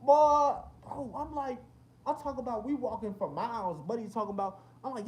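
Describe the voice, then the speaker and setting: At a moderate pace, a young man with an extremely high-pitched voice runs a casual livestream. He reads comments from chat and tells animated stories heavy on slang and profanity.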